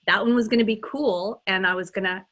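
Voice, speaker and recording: A woman's voice: mid-range voice, steady tone, a little fast, a bit bright. A middle-aged woman, a dialect coach, talking casually in an interview, thinking aloud with frequent restarts and ums.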